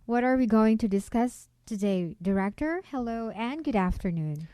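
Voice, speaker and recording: Mellow-voiced woman hosting a radio show. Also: fairly high pitch, animated, normal speed, clear, resonant tone, dry recording. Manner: asks questions and leads the segments. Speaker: radio co-host. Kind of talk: radio chat.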